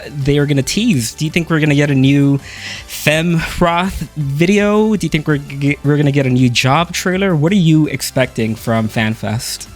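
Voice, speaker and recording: A young man hosting a casual podcast interview, upbeat and quick with questions, laughing often. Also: a little high, soft background music. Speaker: podcast host.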